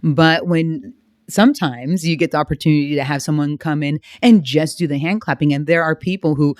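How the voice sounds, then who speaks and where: A woman from San Diego, a flamenco dancer, explaining her art in measured phrases during a podcast interview. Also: low-pitched, a little mellow, dry recording, studio quality. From San Diego, United States.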